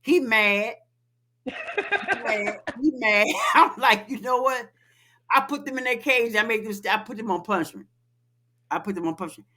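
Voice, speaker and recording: A woman co-hosts a casual podcast chat. Her voice sits fairly high, and she tells stories in an animated way, swearing and laughing often. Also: moderate pace, pauses often. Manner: animated, laughing, profane storytelling. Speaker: podcast co-host.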